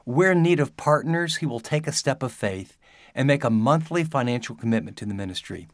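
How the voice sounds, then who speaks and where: A man's voice: mid-range voice, expressive, a little fast, no echo. Man talking straight to listeners, earnest, dry studio sound. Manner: earnest, conversational. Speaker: ministry leader. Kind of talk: direct appeal to listeners.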